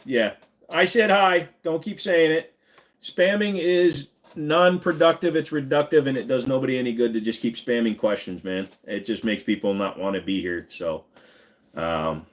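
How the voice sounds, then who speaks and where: Rambling, swearing man live streamer. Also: mid-range voice. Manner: rambling, joking, swears freely, reads chat aloud. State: tired after hours of streaming. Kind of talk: casual live-stream chat.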